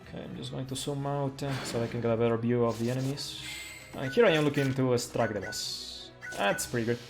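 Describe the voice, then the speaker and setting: A man in the middle of his own pitch range talks through a speedrun as he plays. He rambles casually with plenty of fillers and small laughs. Faint game music sits low under his voice. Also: fairly quick, vocal fry. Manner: chatty, laughs often, many fillers. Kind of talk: casual live game commentary.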